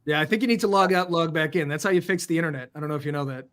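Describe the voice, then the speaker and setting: A man's voice: a little high, very fast, a bit bright. A middle-aged American man hosting a casual comedic talk show over a video call, full of joking, self-mocking asides. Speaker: podcast host.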